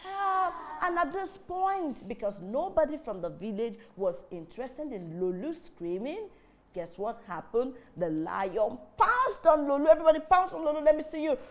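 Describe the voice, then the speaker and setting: A woman hosting a children's show, telling a story in a lively way and calling on the audience to join in. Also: high-pitched, moderate pace.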